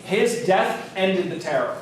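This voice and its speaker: A man's voice: high-pitched, expressive, a little slow, distant mic. A man giving a casual college history lecture, telling the story with acted-out quotes and the odd swear word. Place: classroom. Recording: echoey classroom recorded from afar.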